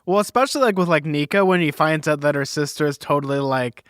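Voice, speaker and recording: A man's voice: fairly high pitch, fast, fairly bright tone, clean tone, no echo, studio quality. A young man co-hosting a podcast, talking casually and with opinions, rambling with filler words. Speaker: podcast co-host. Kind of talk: casual chat.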